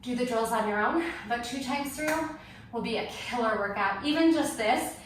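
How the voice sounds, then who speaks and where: A woman's voice: a little high, normal speed. Breathless woman fitness instructor cueing moves. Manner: short, clipped exercise cues. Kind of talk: workout class cueing. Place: home workout space. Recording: echoey room from far off, faint noise.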